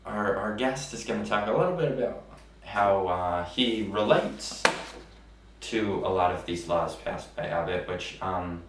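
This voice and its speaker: A man's voice: fairly low pitch, unhurried. A man hosting a comedy show, hesitant and filler-heavy, recorded distant in a noisy, roomy space. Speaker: host.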